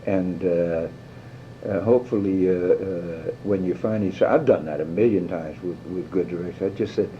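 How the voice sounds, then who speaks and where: Older guy spinning stories in an interview, deep voice, kinda muffled old tape. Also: moderate pace. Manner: lively storyteller, mimics others, swears freely. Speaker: guest actor. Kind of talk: anecdotal interview. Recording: dull lo-fi tape with faint hiss.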